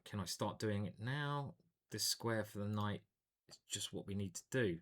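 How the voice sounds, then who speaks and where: A man's voice: on the low side, moderate pace, a bit bright. A man, a chess grandmaster, commentating live on his own online games in a chatty, self-deprecating way, thinking aloud at a home computer.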